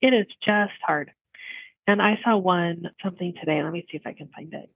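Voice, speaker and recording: A middle-aged woman co-hosting a casual podcast chat, telling lively stories and laughing often. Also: lowish voice, brisk, gravelly, husky, dry recording, phone-quality sound. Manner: animated storyteller, laughs often. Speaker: podcast co-host.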